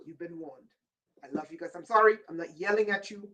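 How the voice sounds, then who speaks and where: A woman's voice: lowish voice, brisk, fairly bright tone, distant mic, low-quality recording. A woman hosting a livestream, delivering a rambling, intense monologue in a warning tone and answering viewers' chat comments by name. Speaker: livestream host.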